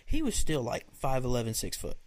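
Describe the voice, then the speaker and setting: A man's voice: mid-range voice, wildly swooping pitch, fairly quick, a little mellow, a little hiss or hum. A young man co-hosting a podcast, teasing his partner and sometimes tripping over his words. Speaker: podcast co-host. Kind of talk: casual chat.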